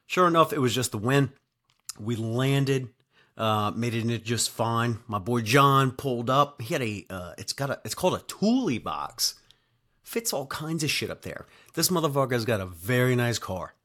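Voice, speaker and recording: A man's voice: mid-range voice, expressive, normal speed, a bit bright. A man telling a travel story in a casual, rambling monologue, full of swearing, fillers and tag questions. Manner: rambling and profane, heavy on fillers and "right?".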